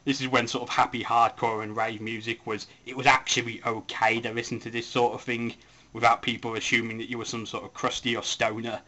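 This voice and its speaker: A man's voice: medium pitch, flat delivery, a little fast, pushed and bright. Rambling, self-mocking young man. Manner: rambling, self-mocking, puts on silly voices. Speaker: forum voice poster. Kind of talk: casual spoken post.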